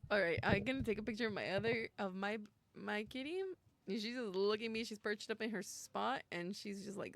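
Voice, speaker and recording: A young woman streaming a story game, reading the lines aloud and reacting with emotional, gushing excitement and nervous laughter. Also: mid-range voice, brisk, creaky, slight background noise. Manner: emotional, gushing and easily frightened, laughs often.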